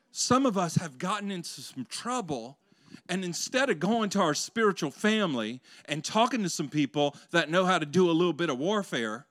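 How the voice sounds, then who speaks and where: A male pastor preaching a conversational sermon that swells into loud, passionate peaks. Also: high-pitched, no echo.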